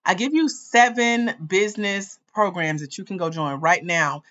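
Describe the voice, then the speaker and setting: Excitable woman chatting on a livestream. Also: mid-range voice, normal speed, highs cut off. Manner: excitable, chatty, talks to viewers directly. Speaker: livestream host and grants coach. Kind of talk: casual livestream chat.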